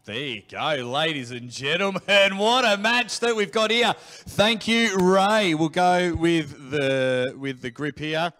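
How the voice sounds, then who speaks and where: A man's voice: fairly high pitch, slow, few pauses, bright, forceful tone. A man hosting a press conference, announcing fighters and hyping the matchups. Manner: hype-building, announcing fighters. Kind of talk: emcee patter at a press conference.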